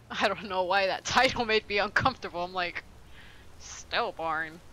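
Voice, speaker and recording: A woman's voice: medium pitch, a little fast, pushed and bright, poor audio. A woman streaming a video game, chatting casually in a rambling, profane way and laughing often. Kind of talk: casual chat while playing a game.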